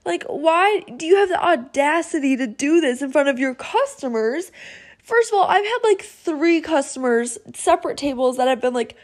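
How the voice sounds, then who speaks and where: A young woman hosting her own podcast, telling a story in a chatty, animated way and often checking in with "okay?". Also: high-pitched, normal speed. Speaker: podcast host. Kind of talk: casual storytelling monologue. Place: home, seated in a noisy chair.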